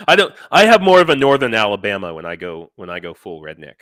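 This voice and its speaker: A lower-pitched man with a bright, forceful voice talks casually on a live stream. He rambles, circles back to restart sentences and answers his chat by name. The sound is close and dry. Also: very animated, normal speed, long pauses, no room sound. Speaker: teacher.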